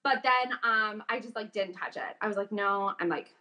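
Chatty young woman, bright voice. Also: medium pitch, normal speed. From Calgary, Canada. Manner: chatty, animated storytelling with frequent fillers. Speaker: guest, voice actor and coach. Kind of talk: casual interview chat.

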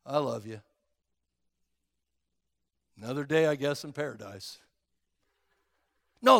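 A male pastor preaching a sermon, emphatic and dramatic, dropping to a hush and then rising to a shout. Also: extremely high pitch, gravelly, big-room sound. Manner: emphatic, swinging from hushed to shouting.

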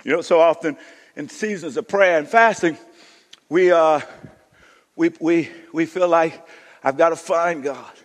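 A male pastor preaching a sermon, telling a story, then swinging from shouts to hushed intensity. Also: a little high, a little slow, pauses often, long reverb tail.

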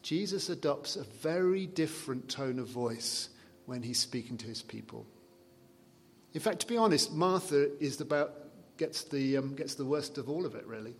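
A man preaching a sermon in a conversational way, dropping soft and low to quote scripture. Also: expressive, normal speed. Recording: long reverb of a large hall.

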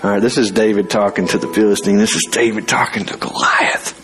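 In a church sanctuary, a young man preaches a fervent sermon into a handheld or stage mic, building up to loud, dramatic scripture reading. His voice is on the low side with a steady tone, and he talks a little fast.

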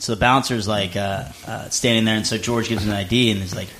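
A man's voice: on the low side, brisk. A man telling a rowdy bar story in casual podcast chat, swearing often and acting out the other people's lines. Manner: profane, animated, acts out voices in anecdotes. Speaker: podcast co-host.

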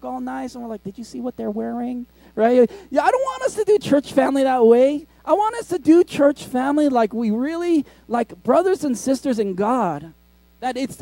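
A pastor preaching in a high, mellow voice, recorded dry and close. He keeps it conversational and jokes with the congregation, laughing at his own asides. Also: dry recording. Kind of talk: sermon. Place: school cafetorium used as a church.

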